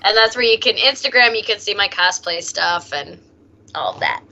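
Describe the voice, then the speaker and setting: A woman's voice: mid-range voice, moderate pace, pushed and bright, highs cut off, slight background noise. A woman chatting casually as a podcast guest, with giggly asides.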